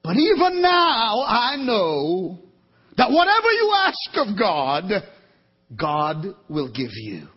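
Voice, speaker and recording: A man preaching who voices a grieving woman of faith, earnest and pleading, in a slow, emphatic way. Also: high-pitched, huge pitch swings, husky, pitched above the performer's own voice, exaggerated voice. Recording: dull lo-fi recording.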